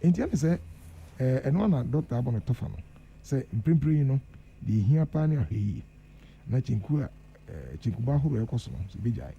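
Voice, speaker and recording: A Ghanaian man on a radio panel, talking with an earnest, emphatic push. His voice is gravelly and very dark, with faint noise behind it. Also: mid-range voice, very animated, brisk, lo-fi sound. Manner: earnest, mixes Twi and English, emphatic warnings. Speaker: guest professor. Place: radio studio.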